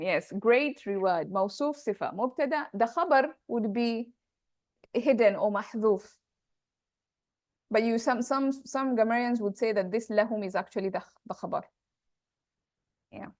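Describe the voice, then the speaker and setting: A woman's voice: a little high, darkish tone, no room sound. A woman teaching Arabic grammar in an online class, thinking aloud, correcting herself and checking in with her students.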